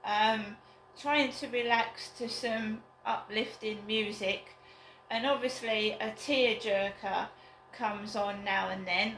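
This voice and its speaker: A woman rambling slowly and glumly in a casual solo vlog from her flat. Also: on the high side, slight background noise. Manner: slow, rambling, downbeat musing. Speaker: vlogger. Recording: roomy flat with faint ambience.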